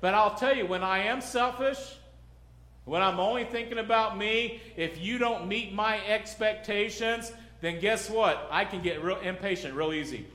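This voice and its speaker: A middle-aged pastor preaching a sermon in a loose, conversational way, joking, acting out little scenes and asking the congregation questions. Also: male voice, high-pitched, moderate pace, fairly bright tone. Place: church sanctuary. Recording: echoey church hall.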